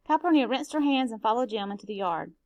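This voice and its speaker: A woman, a teacher, reading a novel aloud in a steady, expressive way. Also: on the high side, quick pace, dry recording.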